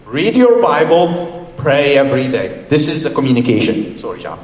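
A man's voice: medium pitch, sing-song, moderate pace. A man leading an interactive Bible teaching, quizzing his listeners and repeating key phrases. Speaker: Bible study leader. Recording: echoey hall.

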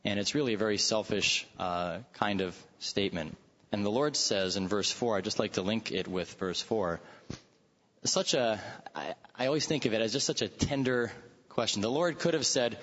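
Low-ish guy in a bible study, thinking out loud, kinda muffled, big echoey hall. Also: normal speed. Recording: dull recording with long hall reverb.

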